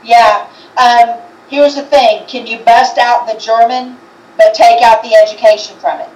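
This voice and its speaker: Hesitant, high-voiced woman in an echoey room. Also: fairly even intonation, a little mellow, distant mic. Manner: hesitant, halting, with many restarts. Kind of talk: casual chat on a livestream. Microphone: video call.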